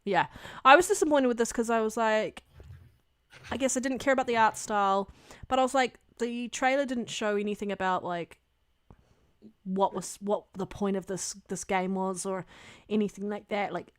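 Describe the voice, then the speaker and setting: A woman's voice: medium pitch, normal speed. A woman co-hosting a gaming podcast, chatting in a candid, rambling way and swearing casually. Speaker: podcast co-host.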